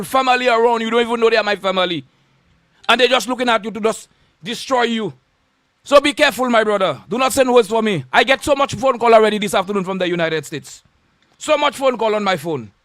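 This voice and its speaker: A man's voice: sits high, a little fast, pauses often, fairly bright tone, no echo, studio quality. A man with a Saint Lucian accent, a radio host delivering a confrontational on-air rant full of insults and repeated warnings.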